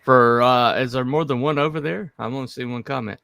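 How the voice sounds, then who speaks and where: A man co-hosting a casual chat, rambling and halting, full of fillers and restarts. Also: medium pitch, creaky, pushed and bright, no echo, clean studio sound. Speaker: podcast co-host.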